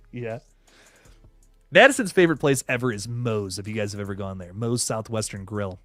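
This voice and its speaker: A man's voice: fairly low pitch, moderate pace, a bit bright, no echo, faint music behind. A man hosting a livestream, reading chat comments aloud and rambling casually with lots of laughs. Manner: rambling, laughs a lot, frequent restarts. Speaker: YouTube host reading live chat.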